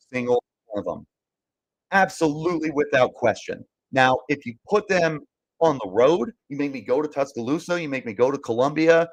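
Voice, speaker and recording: Exasperated young man ranting sports talk. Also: medium pitch. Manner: exasperated, emphatic, repeats himself for emphasis. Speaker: sports podcast host. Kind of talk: fired-up sports talk, reading live comments.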